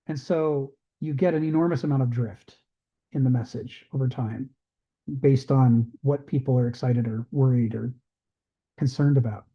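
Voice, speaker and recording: A man hosting an online discussion group in a casual lecture style, lively and acting out quoted voices. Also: mid-range voice, moderate pace, dull audio. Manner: animated, acts out quoted voices.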